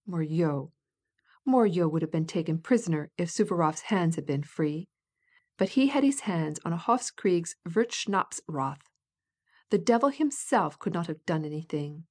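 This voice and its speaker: A woman's voice: lowish voice, animated, a little slow, darkish tone. A woman voicing an irascible old prince, blustering and sarcastic, in an audiobook reading. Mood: scornful.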